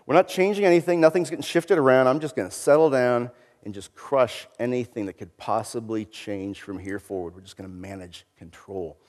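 A man putting on the voice of a stubborn male dragon guarding its gold, flat and controlling, heard with a long hall reverb. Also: medium pitch, fairly quick, natural voice.

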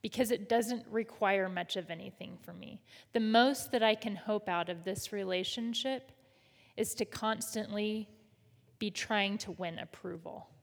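A woman's voice: medium pitch, unhurried, vocal fry. A woman pastor preaching a sermon in a conversational way, leading the congregation in call and response. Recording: reverberant hall.

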